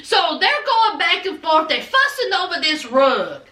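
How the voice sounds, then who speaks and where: Very high-voiced, sassy woman. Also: sing-song, a little slow, bright, forceful tone, reverberant, far from the mic. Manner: sassy, talks straight to viewers with "honey" and "child". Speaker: reality TV recap host. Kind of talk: casual recap commentary.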